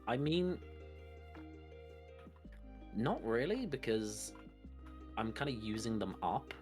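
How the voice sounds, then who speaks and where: A man chatting casually on a gaming stream, playful and quick to laugh and sing. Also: lowish voice. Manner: playful, breaks into sung bits and laughter. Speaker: stream guest.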